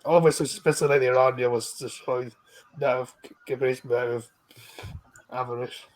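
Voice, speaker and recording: A man's voice: mid-range voice, fairly even intonation, brisk, slight background noise, low-quality recording. A Scottish man reading the news on a live stream in a blunt style, swearing freely. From Scotland. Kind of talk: casual chat.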